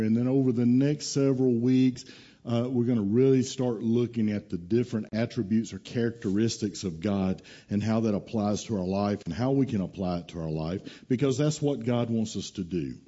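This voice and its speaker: Mellow, dark-voiced folksy preacher man. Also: medium pitch, moderate pace, dull audio. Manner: folksy, casual, teasing, storytelling. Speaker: pastor. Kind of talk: sermon. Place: church.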